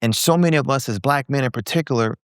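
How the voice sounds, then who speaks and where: A man's voice: medium pitch, fast talker, clear, resonant tone, no room sound, studio quality. A man in his forties speaking as a guest entrepreneur, telling a candid story in a podcast conversation and acting out the voices he quotes. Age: 40s. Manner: animated, acts out quoted voices.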